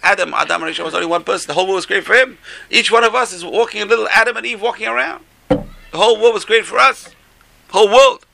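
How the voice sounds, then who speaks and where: A man leads a Torah class in a gravelly voice, animated and exclamatory. His tone is sharp and bright. He drops to near-murmured asides, then rises to loud, emphatic points. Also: sits high, fast. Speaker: rabbi teaching a class.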